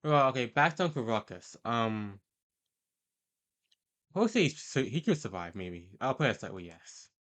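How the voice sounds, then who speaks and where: A man's voice: mid-range voice, sing-song, unhurried, long pauses, a bit bright. Hesitant, rambling young man. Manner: hesitant and rambling, many fillers and self-corrections. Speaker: video host ranking characters. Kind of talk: casual tier-list commentary.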